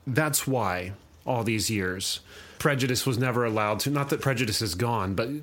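A man hosting a casual chat show, retelling a story in a long-winded, animated way. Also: mid-range voice, normal speed.

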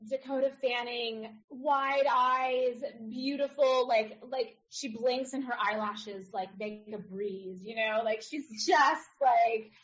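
A middle-aged woman, a podcast guest, telling a personal story in a casual, animated way and acting out the other people in it. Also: a little high, slow pace, hardly any pauses. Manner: animated, acts out others' voices in her story. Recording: dull lo-fi audio.

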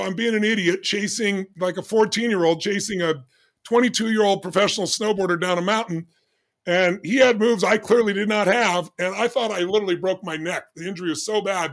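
A man in his early sixties who speaks in a voice pitched well above most men's. He tells a personal story with lots of energy as an interview guest, acting out each exchange he remembers. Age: 60s. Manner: animated, acts out dialogue with doctors.

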